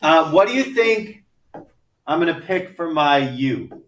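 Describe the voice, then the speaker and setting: Chatty math teacher in an echoey classroom. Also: male voice, on the high side, expressive, unhurried, a bit bright, far from the mic, slight background noise. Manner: chatty, jokey, thinks aloud while working problems. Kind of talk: classroom lecture.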